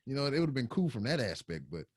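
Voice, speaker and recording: A man's voice: mid-range voice, very animated, rapid-fire, husky, no echo, clean studio sound. A middle-aged man, a guest on a podcast, chatting in a laid-back way and swearing casually.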